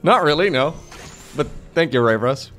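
A man in casual live-stream commentary while playing a game, excitable, laughing often and jumping to high yelps. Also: normal speed. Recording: faint music behind the voice.

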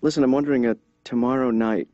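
An actor playing an awkward, mopey young adult son who talks hesitantly with many pauses and fillers. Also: male voice, mid-range voice, fairly even intonation, mellow, no echo, lightly acted. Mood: wry. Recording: dull lo-fi cartoon soundtrack.

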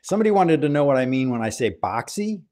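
A man chatting as a guest about amps from his living room over a video call, explaining things clearly and playfully. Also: medium pitch, big pitch swings, fast talker, darkish tone. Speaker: guest amp expert. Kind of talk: casual chat on a live video call. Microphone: video call microphone.

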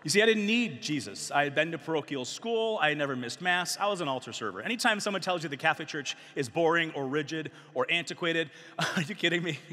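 A middle-aged man giving an animated, joking, conversational talk to a youth audience at a large conference. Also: on the high side, fast. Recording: long hall reverb.

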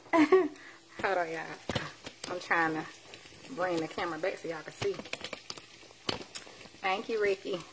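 A woman's voice: fairly low pitch, animated, a little slow, pauses often, slight background noise. A woman cooking at home on a live stream, chatting and teasing as she talks to her viewers. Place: home kitchen. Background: clatter of dishes and cutlery.

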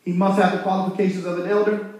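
A pastor preaches in a high voice, fired up and talking straight to his congregation. He is heard from a distance in a very echoey church. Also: flat delivery, fast, a little mellow. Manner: fired-up, conversational preaching with call-and-response. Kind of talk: sermon. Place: church sanctuary. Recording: echoey room, from far off.

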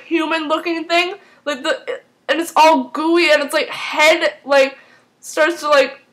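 A woman casually recapping a TV episode, rambling and excitable, filling her talk with "like". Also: sits high, poor audio. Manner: rambling and excitable, heavy use of "like".

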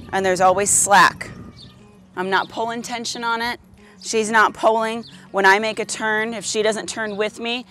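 A woman dog trainer talks through her method in a direct, emphatic way. She uses plain everyday comparisons to make each point. Her voice sits in a middle pitch, and faint music plays underneath. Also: a bit bright. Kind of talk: instructional explanation.

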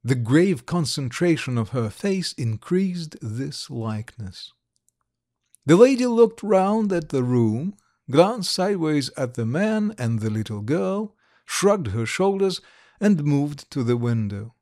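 Slow, deliberate male storyteller. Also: fairly high pitch, sing-song, darkish tone, no room sound, clean studio sound. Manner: slow, deliberate, clear reading. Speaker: narrator. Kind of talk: scripted story narration for English learners.

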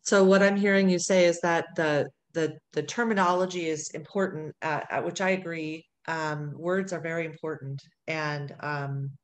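Low-voiced woman interviewer. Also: fairly even intonation, normal speed, hardly any pauses. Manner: affirming, summarizing back. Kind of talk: conversational interview.

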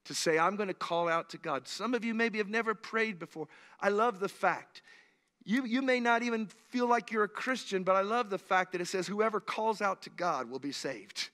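Pastor guy preaching in church, kinda high voice, earnest, gets fervent. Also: normal speed, bright, forceful tone, in a large hall. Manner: earnest storytelling, rising to fervent appeals. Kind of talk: sermon. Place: church sanctuary.

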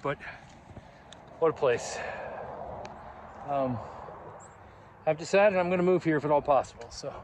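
A man's voice: a little high, measured pace, long pauses, background noise. Chatty man rambling on a trail. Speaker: hiking vlogger. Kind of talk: casual vlog narration. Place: outdoors on a mountain trail. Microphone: handheld camera.

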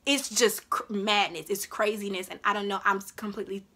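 Bright-voiced woman telling her story. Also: medium pitch, a little fast. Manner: animated, reliving events in a rising voice. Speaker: vlogger recounting her childbirth. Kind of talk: emotional personal storytelling.

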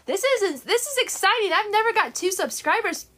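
A woman's voice: very high-pitched, lively intonation, moderate pace, a bit bright, slight background noise. A woman on a live stream, scolding her chat in an indignant, sing-song way and breaking into improvised songs.

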